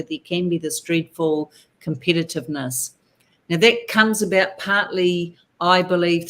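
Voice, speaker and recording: Outspoken woman guest. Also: deep voice. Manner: emphatic, outspoken. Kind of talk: live-stream conversation.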